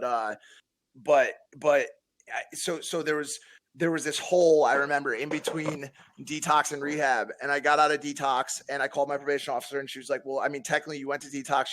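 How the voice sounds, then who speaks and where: A man's voice: mid-range voice, a bit bright. A man in his thirties from Connecticut, a podcast guest telling a long personal story, blunt and swearing often, with many restarts. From Connecticut, USA. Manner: blunt, heavy swearing, frequent repeats.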